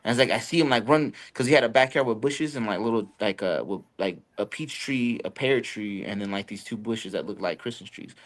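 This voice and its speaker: Casting: young man, podcast host, loose, profane storyteller who jumps into high voices for quotes. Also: lively intonation, brisk, few pauses. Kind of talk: casual storytelling chat.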